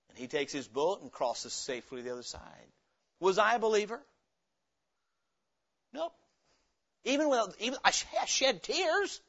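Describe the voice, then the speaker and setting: A man preaching a sermon as pastor, emphatic, swinging from quiet asides to loud, pressing lines and acting out a story. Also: high voice, dull audio.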